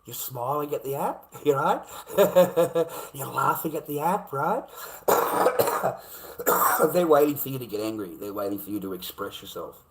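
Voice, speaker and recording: An Australian man ranting on a livestream, swearing constantly and swinging between low muttering and loud outbursts. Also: lively intonation, a little slow, low-quality recording. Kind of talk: profane livestream rant.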